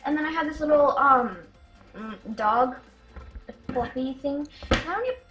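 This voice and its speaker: A female vlogger chatting excitedly through a casual show-and-tell of her toy collection, with giggles and gasps along the way. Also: high voice, normal speed, music in the background.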